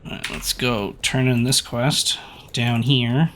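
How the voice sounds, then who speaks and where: Brief: male game streamer, bright and forward voice, loose and chatty, keyboard clicks nearby. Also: mid-range voice, slow pace, slight background noise. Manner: chatty, rambling, laughs easily. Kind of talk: casual gameplay commentary.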